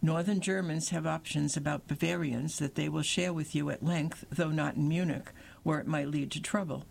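A reader reading magazine-style articles aloud in a measured, even way. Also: mid-range voice, vocal fry.

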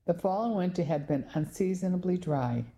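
A woman narrating a novel in the first person, telling the story in a clear, measured way. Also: on the low side, expressive, mellow. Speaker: audiobook narrator.

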